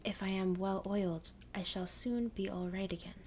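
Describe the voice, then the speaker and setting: A woman voicing a gentle, polite tin man in a whispered role-play storybook reading. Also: mid-range voice, fairly even intonation, moderate pace, a little hiss or hum, close to an everyday voice. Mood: grateful.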